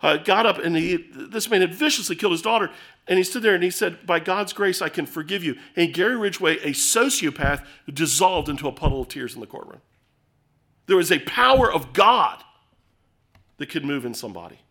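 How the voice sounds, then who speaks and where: A middle-aged man preaching a sermon as pastor, emphatic, swinging between loud urging and hushed storytelling. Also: a little high, lively intonation, fairly quick.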